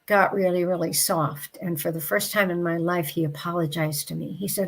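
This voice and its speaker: A woman with a somewhat low voice tells a personal story as an interview guest. She sounds heartfelt and reflective, and she lets her pace slow when the story turns tender. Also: steady tone, gravelly. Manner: heartfelt, reflective, slows down for emotional moments.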